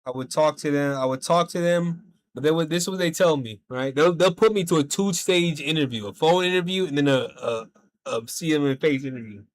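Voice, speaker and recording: A male game streamer from the United States chats casually over his gameplay. He rambles through a long personal story, swearing freely and filling it with slang. His voice sits a little high for a man. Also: fairly quick. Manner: rambling, profane storytelling full of "bro" and "like". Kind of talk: casual chat while streaming.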